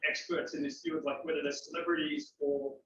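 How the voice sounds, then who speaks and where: A man's voice: a little high, level tone, brisk, a bit bright. Distant man asking a question, echoey. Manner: casual questioning. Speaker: audience member asking a question. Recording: distant, echoey and dull with faint noise.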